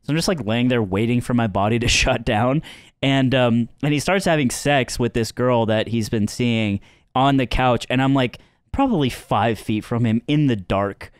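A man's voice: medium pitch, moderate pace, smooth, dry recording, clean studio sound. A young man co-hosting a podcast, telling crude stories between bursts of laughter in casual chat. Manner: laughing storyteller, crude jokes. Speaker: podcast co-host.

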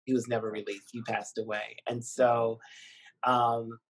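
A man with a husky, slightly breathy voice speaks over a video call. He reflects slowly and emotionally, often pausing with ums and soft laughs. His pitch sits in an ordinary middle range. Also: little pitch movement, low-quality recording. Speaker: documentary filmmaker and university dean. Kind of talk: virtual interview conversation.

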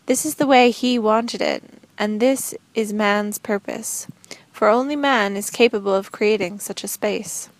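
A woman reading the lines of a calm, gentle young woman in an audiobook, speaking earnestly and evenly. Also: medium pitch, measured pace, dry recording, natural voice.

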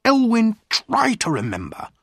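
A reader voicing a calm, reassuring male doctor of about forty in an audiobook story. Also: medium pitch, measured pace, breathy edge, no room sound, clean studio sound, pitched above the performer's own voice, heavily acted.

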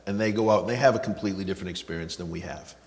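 A man's voice: low voice, racing, big-room sound. A man who is a comedian, telling self-mocking stories about his work in an interview. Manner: anecdotal, self-mocking, acts out quotes. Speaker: comedian guest. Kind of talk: storytelling interview.

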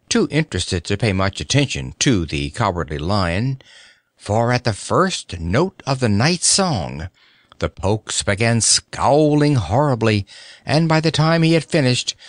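A man narrating a children's story in an expressive, deliberate reading. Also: on the low side, no room sound, clean studio sound. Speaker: audiobook narrator.

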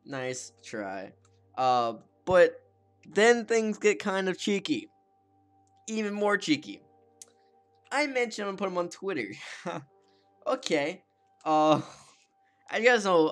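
A man with a fairly high voice talks casually over a video game, teasing and sarcastic, breaking into laughter at his own jokes. Soft music plays quietly in the background. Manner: joking, sarcastic, often cracks up laughing. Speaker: gaming channel host. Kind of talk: casual gameplay commentary.

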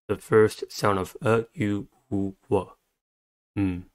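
Guy teaching spelling really slow, lowish voice, one letter at a time. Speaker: vocabulary teacher. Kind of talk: methodical spelling lesson.

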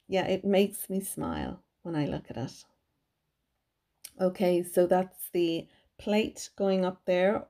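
A woman's voice: mid-range voice, creaky, dark tone. A woman giving a chatty, cheerful craft tutorial voice-over from her home craft room. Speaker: card-making crafter.

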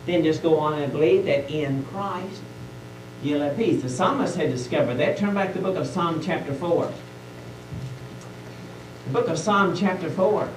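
Man preaching with a hush-and-swell delivery. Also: high-pitched. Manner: dramatic swings between a full voice and hushed, near-whispered lines. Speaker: pastor. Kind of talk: sermon. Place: church sanctuary. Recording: echoey church audio taped from a distance, faint hum.

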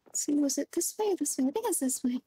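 A woman's voice: high voice, lively intonation, quick pace, dark tone. A woman livestreaming a game, chatting casually and thinking aloud, a little drowsy and yawny. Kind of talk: casual gameplay chat.

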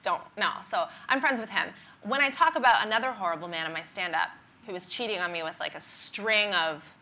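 Bright wry Canadian woman on stage. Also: medium pitch, lively intonation. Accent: Canadian, softened by years in Britain. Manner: chatty, wry, self-deprecating, quick asides. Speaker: stand-up comedian, interview guest. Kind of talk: onstage interview. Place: conference stage before an audience.

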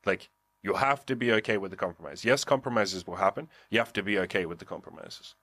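A man's voice: deep voice, fast talker, a bit bright, no room sound. A man giving blunt, profane dating advice in a casual coaching conversation, acting out what others would say. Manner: profane, blunt, acts out quotes.

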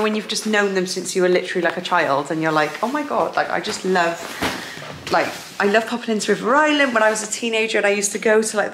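A young woman chatting casually to camera as a vlogger, bubbly with lots of fillers. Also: mid-range voice. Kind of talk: casual chat. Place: home, indoors and out walking. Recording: roomy echo, faint noise.

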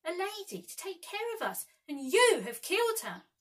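A woman's voice: very high voice, sing-song, moderate pace, voice pushed up. A woman voicing an eager young lost boy in a children's storybook reading.

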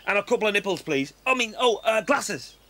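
A woman's voice: mid-range voice, expressive, fairly quick, very noisy, lightly acted. A woman voicing a nervous, flustered husband who stumbles through excuses. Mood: awkward. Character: nervous cheating husband on honeymoon.

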